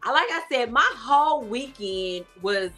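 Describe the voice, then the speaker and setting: A woman co-hosting a casual podcast, talking in a heartfelt, unhurried way and speaking to listeners as y'all. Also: on the high side, lively intonation, pushed and bright, faint music behind. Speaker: podcast co-host. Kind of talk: casual recap chat.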